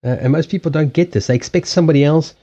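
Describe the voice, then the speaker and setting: A man hosting a casual livestream chat, blunt and animated, swearing freely and acting out quoted lines. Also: on the high side, very fast, muffled recording. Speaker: livestream host.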